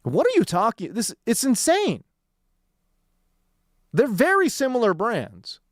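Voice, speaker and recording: Exasperated sports radio host ranting. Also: male voice, very high voice, huge pitch swings, a little slow, no echo, studio quality. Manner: heated, exasperated, emphatic repetition. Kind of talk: sports talk radio rant.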